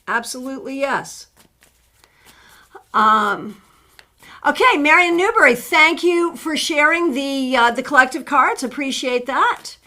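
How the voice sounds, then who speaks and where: On a live tarot stream, a middle-aged woman speaks a little slowly in a high, expressive voice. She's warm and chatty, saying hello to viewers by name as she reads their cards.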